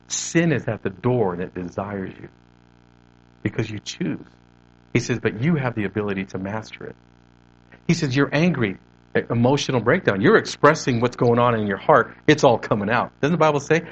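A man's voice: mid-range voice, highs cut off. A male pastor preaching a sermon in a conversational way, often acting out the voices of people he quotes.

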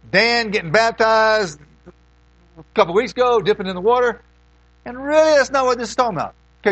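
A male pastor teaching through a sermon in a lively, emphatic, conversational way, his pitch swinging up and down as he presses each point. His voice sits a little high for a man and sounds close and dry, and he often pauses to clear his throat. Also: dry recording, poor audio.

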